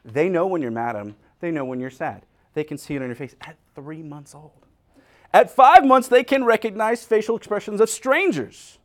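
Speaking at normal speed in a high-pitched voice, a male pastor preaches a humorous, conversational sermon. He talks right to his congregation and brings his stories to life by acting out little scenes.

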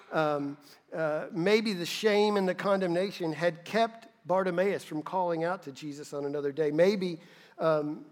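A male pastor preaches earnestly and rises to emphatic peaks. His voice sits quite high, and a long hall reverb trails after each phrase. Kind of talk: sermon.

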